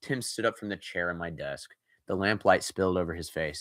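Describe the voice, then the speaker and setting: A man's voice: low voice, fairly quick, fairly bright tone, no room sound, clean studio sound. A man reading a scary story aloud, breaking in with casual, joking asides.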